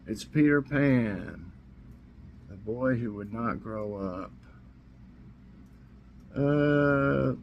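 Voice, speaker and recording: A man from Tennessee hosting a casual trivia vlog, a little hoarse, easygoing and chuckling to himself. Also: mid-range voice, dull audio, a little hiss or hum. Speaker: vlog host. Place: warm room indoors.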